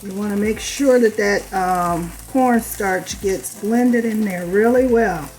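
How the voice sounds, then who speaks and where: Slow-talking woman hosting a cooking video. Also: medium pitch, darkish tone, low-quality recording. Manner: unhurried, chatty, talks to viewers as "you guys". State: slightly hoarse with a lingering cough. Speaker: cooking channel host. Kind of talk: home cooking demonstration.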